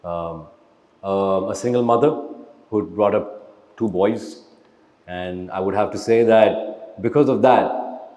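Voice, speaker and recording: A man's voice: lowish voice, darkish tone, roomy sound, big-room sound, low-quality recording. A man answering audience questions in a blunt, motivational way, tagging lines with "right?" and "man". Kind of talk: casual live Q&A talk. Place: event hall with live audience.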